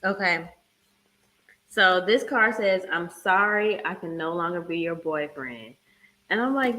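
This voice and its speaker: A woman in her thirties co-hosting a casual livestream chat, telling a story in a lively, teasing way and acting out quotes. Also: lowish voice, measured pace. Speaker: co-host, fiancée.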